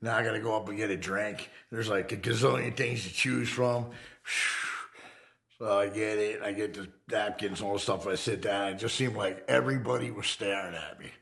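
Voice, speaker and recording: A middle-aged man telling his own story in a casual, animated and profane way, acting out the people in it. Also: fairly low pitch, moderate pace, creaky. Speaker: interviewee.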